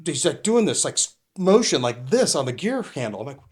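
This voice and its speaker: A middle-aged man from California, a retired police captain, telling animated stories as a podcast guest and laughing often. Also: a little high, a little fast, husky. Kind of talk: casual storytelling.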